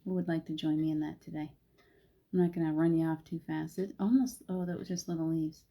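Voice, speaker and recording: A woman's voice: deep voice, steady tone, a little fast, mellow. A woman hosting a chatty spiritual live stream and guiding a meditation, laughing often. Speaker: spiritual host.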